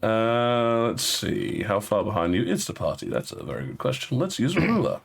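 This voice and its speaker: A man narrating as game master of a tabletop game, halting with fillers and restarts. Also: lowish voice, wildly swooping pitch, creaky, slightly rough.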